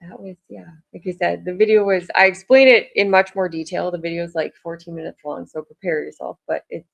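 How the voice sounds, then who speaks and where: A woman's voice: fairly low pitch, steady tone, fairly quick, gravelly. Chatty woman vlogging casually. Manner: chatty, rambling, frequent "like" fillers. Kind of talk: casual chat to camera.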